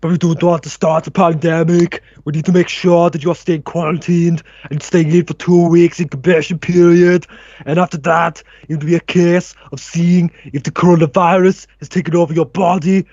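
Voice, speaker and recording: A man's voice: a little high, little pitch movement, moderate pace, a little mellow, no echo. Man playing a polite, hesitant butler. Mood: apologetic. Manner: mild and hesitant, with fillers. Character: polite, composed male butler. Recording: dry, muffled lo-fi mic.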